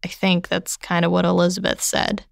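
A young woman narrating a scripted first-person story in a slow, reflective way. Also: on the low side, monotone, vocal fry, dry recording, clean studio sound.

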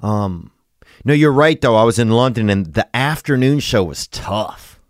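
A man's voice: medium pitch, lively intonation, measured pace, no room sound, studio quality. A man, hosting a podcast in a laid-back, rambling, joking way. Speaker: podcast host. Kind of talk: casual podcast chat and ad read.

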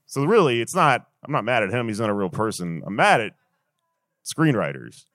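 A man's voice: medium pitch, sing-song, normal speed, a bit bright, no room sound. A young man doing a stand-up comedy set, rambling and swearing through an exasperated rant on a handheld stage mic.

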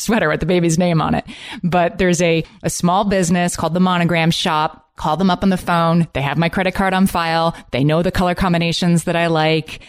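A woman co-hosting a podcast in casual chat, upbeat and enthusiastic as she shares tips. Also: on the low side. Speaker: podcast co-host.

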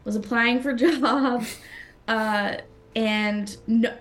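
A woman's voice: fairly high pitch, fairly even intonation, very slow. Chatty young Canadian woman designer. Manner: chatty, many fillers and restarts. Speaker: guest designer. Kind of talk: casual interview chat.

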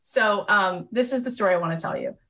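A middle-aged woman giving a live motivational talk, telling stories with animated enthusiasm and chatty fillers. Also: mid-range voice, rapid-fire, low-quality recording. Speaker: motivational speaker and program host.

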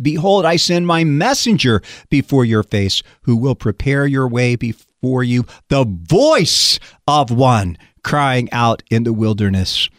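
A man's voice: medium pitch, no echo, studio quality. A man who is a pastor, teaching on a hymn and reading scripture aloud with dramatic emphasis. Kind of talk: radio Bible study on a hymn.

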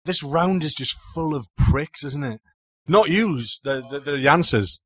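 Male quiz contestant, animated and bright, banter-heavy, dry close mic. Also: on the high side, unhurried, breathy edge, no room sound. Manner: joking, loud, chatty. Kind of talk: casual banter.

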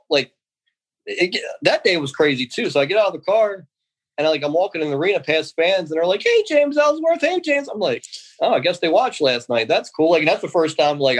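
A man's voice: on the high side, rough recording. A man in his thirties, a guest in a casual interview, telling long rambling stories and acting out what other people said. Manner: rambling, animated, acts out quoted voices. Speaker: guest, former pro wrestler.

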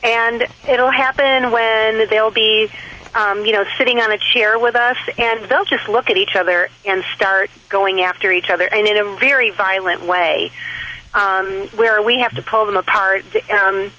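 A woman's voice: medium pitch, measured pace, bright, forceful tone, a little hiss or hum. A woman calling in to a radio show, speaking hesitantly with many ums as she describes things at length. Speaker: caller. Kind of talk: call-in radio chat. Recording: tinny phone line.

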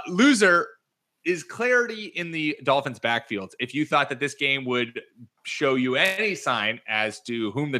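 Man, podcast host, bright clear tone, animated, jokey. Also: mid-range voice. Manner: animated and joking, with quick excited bursts. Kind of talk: fantasy football podcast chat.

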